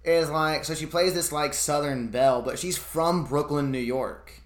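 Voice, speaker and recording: A man's voice: fairly high pitch, normal speed, roomy sound. A man co-hosting a casual podcast chat, easygoing, stammering into his sentences and laughing along. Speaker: podcast co-host.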